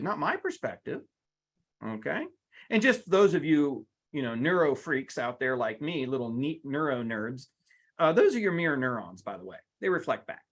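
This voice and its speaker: Animated man lecturing a live seminar. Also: on the high side. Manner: animated, talks to the audience, playful asides. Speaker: workplace trainer.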